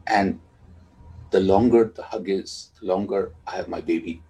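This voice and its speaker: A man, a father, telling a personal story in a soft, reflective way that sometimes drops almost to a whisper. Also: deep voice, moderate pace, breathy edge, poor audio.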